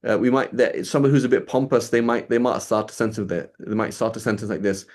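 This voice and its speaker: A man with a low-set voice teaches grammar to a small group. He works through each point step by step and checks understanding with a quick "right?" after almost every idea. He is heard over a video call. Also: steady tone. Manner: explanatory, checks in with frequent "right?".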